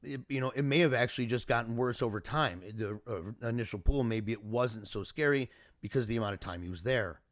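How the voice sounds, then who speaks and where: Man in a video diary, reflective and earnest, medium pitch, dry and close. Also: a little fast, no echo. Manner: earnest, emotional, reflective storytelling. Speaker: father recounting a family emergency. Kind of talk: personal video diary monologue.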